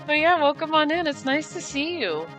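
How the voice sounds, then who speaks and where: A woman's voice: high-pitched, big pitch swings, moderate pace, fairly bright tone, faint music behind, low-quality recording. A woman streaming a racing game live, chatting casually with viewers, greeting them by name and giggling often. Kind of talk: casual live-stream chat while gaming.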